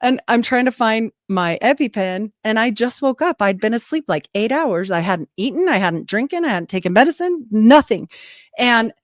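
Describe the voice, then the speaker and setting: A woman's voice: on the high side, moderate pace, no room sound, studio quality. A woman in her forties, a nurse and podcaster, telling stories in a casual interview and acting out what other people said. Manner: lively storyteller, acts out what others said. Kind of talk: casual storytelling chat.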